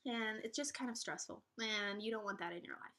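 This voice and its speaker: A woman's voice: medium pitch, fairly quick, sharp tone. A young woman in her twenties talking earnestly to camera in a casual vlog, encouraging and reassuring, with frequent fillers and restarts. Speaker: vlogger giving relationship advice.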